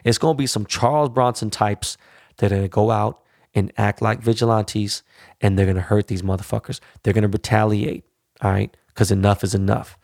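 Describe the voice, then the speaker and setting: A man's voice: on the low side, fairly even intonation, a little fast, creaky, darkish tone, no room sound, studio quality. A man hosting a podcast, ranting bluntly and swearing heavily, punctuating points with "all right?" and "you know?". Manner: frequent tag questions like "all right?". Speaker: podcast host. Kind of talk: profane monologue.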